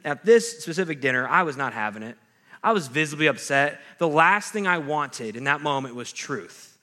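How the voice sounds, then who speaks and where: A man's voice: fairly high pitch, bright, forceful tone. A young adult man, a pastor, giving a sermon in a conversational way, with jokey asides and acted-out quotes.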